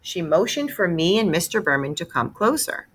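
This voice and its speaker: A woman reading a children's novel aloud, expressive and storytelling. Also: lowish voice, normal speed, breathy edge. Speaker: read-aloud narrator.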